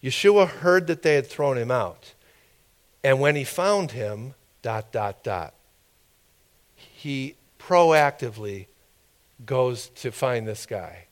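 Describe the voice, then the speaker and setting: A man preaches to his congregation in an easygoing, conversational style. His voice sits at an ordinary middle pitch, and he breaks off now and then for quick asides and questions to the people in front of him. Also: expressive. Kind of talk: conversational sermon.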